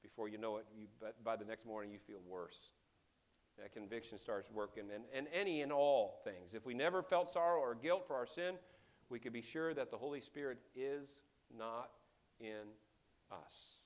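A man preaching a sermon, swinging from hushed passages to loud outbursts and acting out the quoted characters. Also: mid-range voice, moderate pace.

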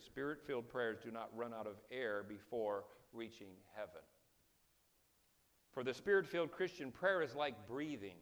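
A man preaching a sermon as pastor, swinging between hushed, quiet passages and loud, impassioned ones. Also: medium pitch, lively intonation, moderate pace.

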